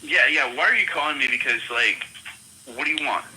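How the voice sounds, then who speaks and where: A man's voice: medium pitch, brisk, background noise. A man on a phone call, angry and profane, stammering and repeating himself. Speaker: prank call target. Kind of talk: phone conversation.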